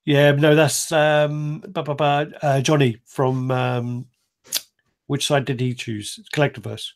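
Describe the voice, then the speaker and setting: A man's voice: mid-range voice, flat delivery, slow. Swearing man hosting a live stream. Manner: rambling, swears freely, laughs often. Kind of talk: casual live stream chat.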